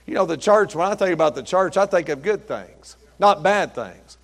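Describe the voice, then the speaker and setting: Middle-aged man, pastor preaching, folksy storyteller, high voice, long church-hall reverb. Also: animated, a little fast, gravelly, hardly any pauses. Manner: folksy storytelling, rising to loud emphatic peaks. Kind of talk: sermon. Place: church sanctuary.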